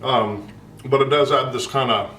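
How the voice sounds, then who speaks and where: A man's voice: medium pitch, bright, forceful tone, slight background noise. Man tasting and describing food, roomy sound. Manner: slow, thoughtful, describing flavors. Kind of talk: casual food-tasting chat. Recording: roomy, mic at a distance, faint music.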